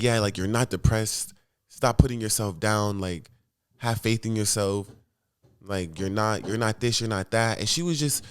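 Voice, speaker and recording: Young adult man, casual vlogger; restless, profane, low-pitched storytelling.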